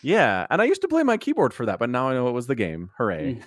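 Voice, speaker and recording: A man co-hosting a gaming podcast, animated and playful, acting out little bits in casual chat. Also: medium pitch, fast, a little hiss or hum. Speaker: podcast co-host.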